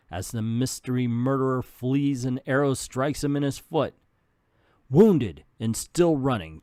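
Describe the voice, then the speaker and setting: Guy reading an old comic out loud and cracking jokes, bouncy voice, dry sound. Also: mid-range voice, expressive, a little slow, no echo. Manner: jokey asides between dramatic narration. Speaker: host reviewing a comic. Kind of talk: comedic comic book read-through.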